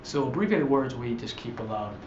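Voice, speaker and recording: A man's voice: medium pitch, animated, brisk, a little mellow. A man teaching an Italian grammar lesson from slides, explaining patiently with many fillers and drawing out example words. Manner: stretches out example words for emphasis. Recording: echoey room, dull audio, faint hiss.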